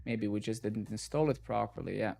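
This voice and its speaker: This man's voice is lowish, gravelly, and warm, moving a little fast. Live coding on a stream, he thinks aloud and mutters to himself as he works, swearing at the code in frustration when it breaks.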